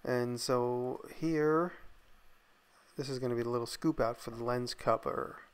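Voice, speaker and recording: A man casually narrating a voice-over of his workshop build, thinking aloud in a relaxed, tired way. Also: mid-range voice, measured pace, clear, resonant tone.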